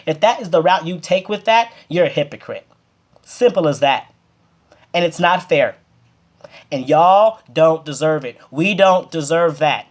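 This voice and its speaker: A vlogger talking straight to the camera in a heated, impassioned way. The voice scolds with emphatic repetition and pushes up to loud, forceful peaks. Between those peaks it settles back into a steady, lower tone. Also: measured pace. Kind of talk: direct-to-camera advice rant.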